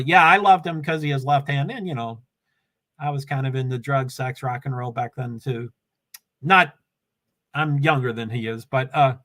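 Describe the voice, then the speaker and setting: Older male stream host, slightly high voice, scattered chatty delivery. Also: a bit bright. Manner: chatty and scattered, reading viewer comments aloud. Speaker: livestream host. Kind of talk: rambling casual livestream chat. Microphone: laptop.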